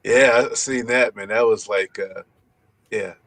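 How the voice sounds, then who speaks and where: A man co-hosting a casual comedic chat, teasing the others and asking quick questions. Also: lowish voice, steady tone, background noise. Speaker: podcast co-host.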